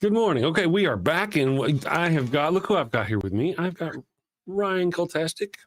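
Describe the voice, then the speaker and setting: A man's voice: on the high side, sing-song, moderate pace. A man hosting a morning talk show, chatting casually and dropping short sarcastic asides. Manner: sarcastic, short dry interjections. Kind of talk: casual chat.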